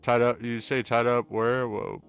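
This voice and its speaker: A man's voice: medium pitch, flat delivery, measured pace, clear, resonant tone, faint music behind. A man hosting a casual joking podcast, stammering and flustered as he talks. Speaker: podcast host.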